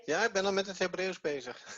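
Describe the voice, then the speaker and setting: Over dull audio, a high-sitting male voice with a Dutch accent, Dutch being his native tongue, leads an online Hebrew lesson. He teaches patiently and step by step, using repetition.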